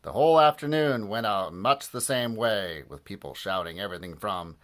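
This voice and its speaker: A man reading a children's book aloud in a playful, animated way and doing voices for the characters. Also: on the low side, normal speed, few pauses. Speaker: storybook reader.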